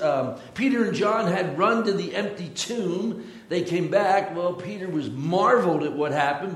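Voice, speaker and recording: A man preaching a sermon as pastor, telling jokes in a folksy, lively way. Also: a little high, echoey room, low-quality recording.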